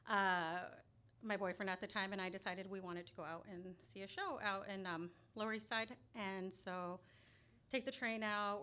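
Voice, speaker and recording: A woman from Albuquerque telling a true story on stage in a small restaurant, lively and laughing often. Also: medium pitch. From Albuquerque, New Mexico. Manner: lively, laughing often, loud acted outbursts. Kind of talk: live personal storytelling. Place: small restaurant venue, live audience. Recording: live room with faint background noise.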